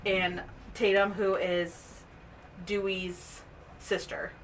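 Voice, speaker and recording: A woman co-hosting a podcast, recapping a horror movie in casual chat, animated and quick to laugh. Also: medium pitch, recorded from a distance, slight background noise, rough recording. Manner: animated, laughs often, acts out quotes in a raised voice. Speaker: podcast co-host.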